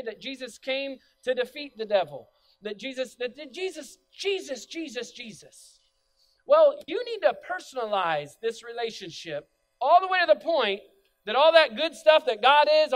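A man's voice: very high-pitched, a bit bright. A middle-aged male pastor preaching a sermon in a church, emphatic, repeating key phrases and asking the congregation to say them back. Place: church sanctuary.

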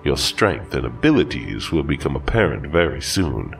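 A man voicing a calm, formal ancient demon-bound master who speaks in a measured way. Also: extremely low pitch, far from the mic, soft background music, heavily acted.

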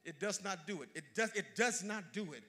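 Fiery high-voiced preacher. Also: male voice, lively intonation, fairly quick. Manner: emphatic preaching, swinging from shouts down to near-whispers; repeats phrases for emphasis, half-sings lines. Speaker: pastor. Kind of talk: sermon. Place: church sanctuary.

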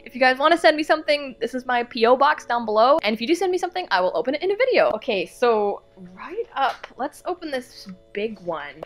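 A woman's voice: high-pitched, very animated, fast talker, hardly any pauses. A woman hosting a casual unboxing vlog, gushing and squealing with delight over fan mail.

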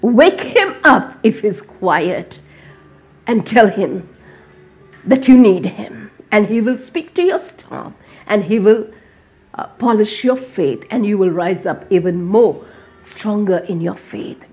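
A woman's voice: medium pitch, expressive, slow pace, a little mellow. A woman preaching a devotional Bible message, earnest and repetitive, with frequent "uh" fillers. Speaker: Bible motivational speaker. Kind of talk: devotional sermon.

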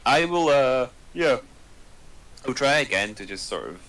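A man playing a tabletop game, speaking haltingly and thinking aloud as he decides his moves in casual chat. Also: mid-range voice, lively intonation, fairly bright tone, poor audio. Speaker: player.

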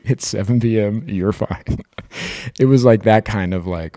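A man's voice: on the low side, unhurried, mellow, no echo, studio quality. A man co-hosting a podcast, telling a long personal story in casual chat, rambling and swearing freely. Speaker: podcast co-host.

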